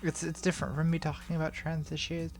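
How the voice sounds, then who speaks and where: A woman answering patron questions on a casual live stream in a candid, offhand way, reading questions aloud, speaking into a boom mic at home. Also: little pitch movement, fast talker, darkish tone. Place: home room with smart lighting.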